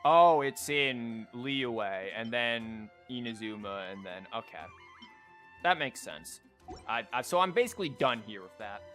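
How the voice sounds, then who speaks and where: A man's voice: mid-range voice, animated, a little slow, a bit bright, faint music behind. A male streamer chatting casually on a livestream, rambling and stammering as he plays a card game and talks to chat.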